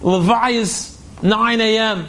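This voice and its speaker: A man's voice: sits high, fairly even intonation, slow, bright, forceful tone, heavily acted. A man voicing a young friend breaking grim news. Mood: somber. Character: young male friend bearing bad news by phone.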